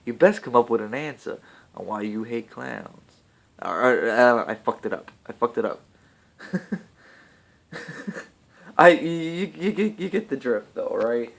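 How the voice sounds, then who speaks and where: A man's voice: mid-range voice, expressive, measured pace, vocal fry, long pauses. A man giving a casual movie review, chatty, laughing often and swearing freely.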